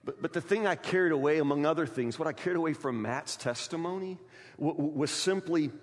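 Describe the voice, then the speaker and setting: A man's voice: a little high, fairly quick. A man preaching a sermon as pastor, firing off rhetorical questions and restarting words as he pushes on. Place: church hall with long reverb. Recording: echoey church hall.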